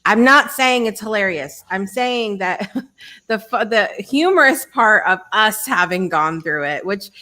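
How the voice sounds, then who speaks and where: A woman's voice: medium pitch, animated, measured pace, bright, forceful tone. A woman hosting a casual chat show, talking in a reflective way with many restarts. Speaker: host.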